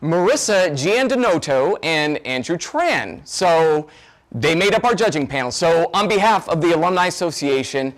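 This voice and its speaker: A man's voice: fairly high pitch, expressive, normal speed. A man hosting a virtual fundraising event, effusive and full of thanks. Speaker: event host.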